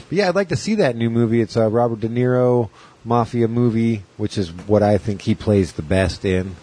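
A man's voice: on the low side, normal speed, dark tone. A man in his forties co-hosting a podcast, rambling and joking in casual chat. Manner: rambling, jokey, drifts into sing-song bits. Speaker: podcast co-host.

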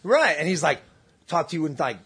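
A man's voice: a little high, brisk, breathy edge. A man telling a rowdy story to friends in casual talk, swearing freely and acting out the voices of people in it. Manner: animated, swearing, acts out voices in his stories.

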